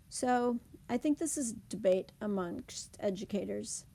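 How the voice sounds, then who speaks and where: A woman teacher explaining speech sounds in a phonics lesson, saying example words slowly and clearly. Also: mid-range voice, mellow. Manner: clear, deliberate demonstration of words.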